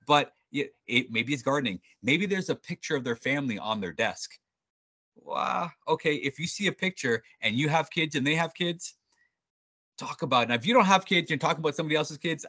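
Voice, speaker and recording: A male trainer speaks over a video call with a bright, forceful tone that cuts through. His delivery is upbeat and animated, and he jokes with his audience. He restarts his sentences often. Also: mid-range voice. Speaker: sales trainer presenting a webinar. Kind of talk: energetic workshop presenting.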